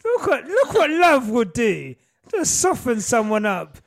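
A young man co-hosting a casual podcast, slangy and given to loud bursts. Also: very high voice, wildly swooping pitch, measured pace, vocal fry. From Britain. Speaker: podcast co-host.

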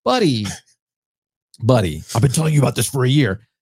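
A man co-hosting a sports podcast in casual chat, teasing and animated. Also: fairly quick, vocal fry, slightly rough, no echo, studio quality. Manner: animated, teasing, jumps into high mock shouts. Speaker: podcast co-host.

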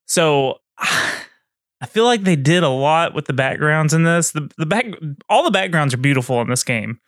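Higher-voiced man, chatty game reviewer. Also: moderate pace, no room sound, clean studio sound. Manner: animated, laughing, rambly. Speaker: podcast co-host. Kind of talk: casual game review chat.

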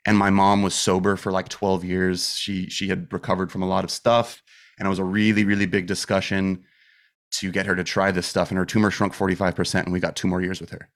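This podcast guest, a metal musician, talks fairly quickly in a low, flat voice while telling a personal story. His speech is casual, frank, and full of swearing, wandering with restarts and fillers like "like" and "dude."

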